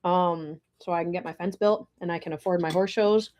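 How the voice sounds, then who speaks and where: A woman's voice: fairly low pitch, fairly even intonation, a little fast, darkish tone. A woman hosting a casual livestream from home, chatting and rambling to viewers while eating dinner. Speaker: livestream host.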